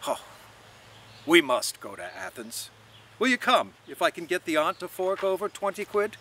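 A man reading aloud and voicing a mocking, theatrical young man who booms in a mock-preacher tone. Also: sing-song, slow pace, fairly bright tone, slight background noise, heavily acted. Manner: booming mock-preacher intoning.

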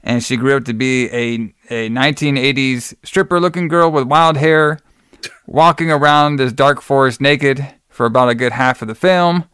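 A man's voice: mid-range voice, steady tone, normal speed, a bit bright, smooth, no room sound, clean studio sound. A man co-hosting a podcast, loosely and crudely retelling a film's plot. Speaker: podcast co-host. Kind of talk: casual movie recap.

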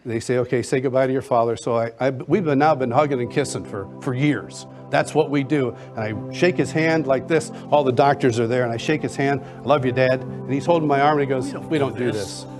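A man's voice: mid-range voice, a little fast, hardly any pauses, over music. A man, a worship songwriter, telling an emotional personal testimony and leading a prayer. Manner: earnest storyteller, emotional, acting out quotes.

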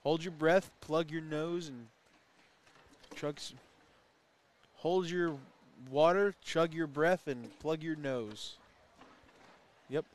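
A man doing casual, joking commentary on a cornhole match while he has the hiccups. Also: a little high. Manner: chatty, joking, quick asides about the play. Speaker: play-by-play commentator.

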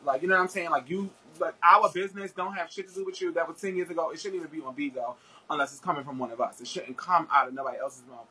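A man's voice: on the high side, fast talker, bright, forceful tone, low-quality recording. A man chatting as a guest, telling a story in a rambling way with many fillers and restarts. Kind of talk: casual chat.

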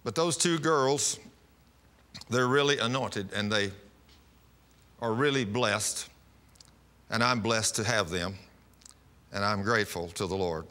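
In a television studio, a pastor delivers a televised sermon with testimony, sharing personal stories in a folksy, rambling style full of restarts. His voice sits on the low side and sounds sharp, moving slowly with many pauses.

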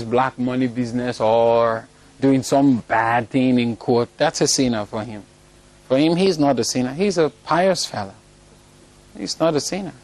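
A man's voice: mid-range voice, darkish tone. A man preaching a sermon, telling a story and breaking into laughter at it now and then. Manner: storytelling, laughs often at his own story.

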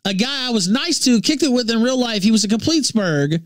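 A man from Memphis, ranting profanely on his livestream, jumping between shouts and low mutters. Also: expressive, a little fast, no echo, clean studio sound. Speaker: livestream host.

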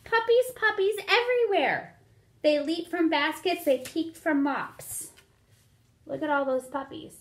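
A woman reading a picture book aloud to children, pausing to count along and ask them questions. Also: sits high, fairly even intonation. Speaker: storyteller for children.

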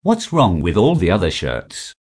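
A man reading simple scripted practice dialogues in a slow, even textbook delivery. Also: low-pitched, husky. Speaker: dialogue reader for English practice.

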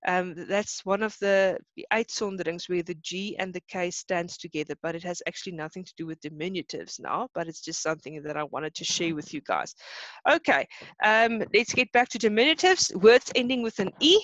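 A woman's voice: lowish voice, fairly quick, fairly bright tone, no echo. A South African woman teaching an online class, who explains each rule step by step and keeps checking that students follow. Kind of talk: online lesson.

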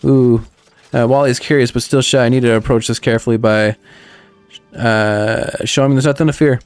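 A man commenting excitedly on a cozy video game, talking sweetly to the characters. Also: medium pitch, fairly quick, clear, resonant tone, no room sound, faint music behind. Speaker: gaming channel host. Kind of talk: let's play commentary.

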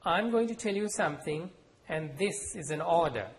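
A man's voice: fairly high pitch, expressive, normal speed, background noise, voice pushed up. A man reading aloud, voicing a mother who gives firm, clipped orders. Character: firm mother, brisk and uneasy.

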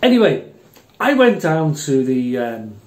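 A man's voice: fairly high pitch, very animated, a little slow, a little mellow. An older Englishman telling rambling, blunt, swear-filled army anecdotes in casual chat. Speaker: airgun channel host. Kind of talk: casual storytelling. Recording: roomy echo.

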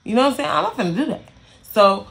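Young woman vlogger, gravelly voice, swearing freely through a casual storytime. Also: on the high side, lively intonation, quick pace. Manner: blunt, heavily profane, repeats herself for emphasis. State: irritated.

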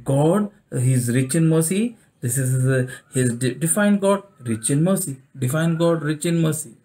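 A man's voice: on the high side, expressive, moderate pace, mellow. A middle-aged man preaching a sermon, repeating phrases for emphasis and asking the listeners questions.

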